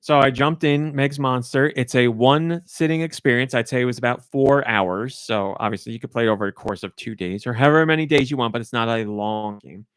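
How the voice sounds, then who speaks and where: Man, podcast co-host, casual chat, rambling, effusive, medium pitch, dry close mic. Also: a little fast, few pauses, smooth, dry recording. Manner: rambling and effusive, heavy use of "like". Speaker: podcast co-host and game reviewer.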